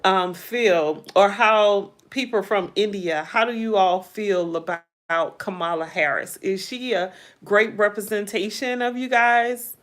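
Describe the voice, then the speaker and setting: A middle-aged American woman hosts a casual livestream and talks in a slow, unhurried way. Her voice sits at an ordinary middle pitch, and she stretches her words out playfully while she keeps asking her viewers questions. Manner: drawn-out, playful, asks viewers many questions. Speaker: livestream host. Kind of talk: casual livestream chat reading viewer comments.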